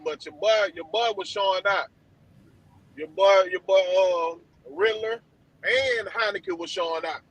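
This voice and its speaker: High-voiced male guest, laid-back, repetitive casual chat. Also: unhurried, fairly bright tone, low-quality recording.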